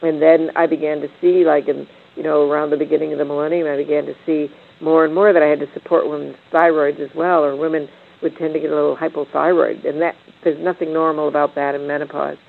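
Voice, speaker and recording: A woman's voice: deep voice, level tone, fast talker, vocal fry. An older woman leading a reflective panel talk, meandering with frequent restarts and fillers. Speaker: discussion leader. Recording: tinny phone-like line.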